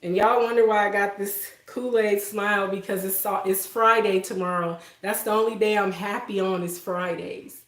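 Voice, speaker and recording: A woman hosting a casual livestream from her home kitchen, talking emotionally and softly and laughing often as she greets viewers. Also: medium pitch, steady tone, normal speed, echoey room. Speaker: livestream host. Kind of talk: casual live-stream chat with viewers.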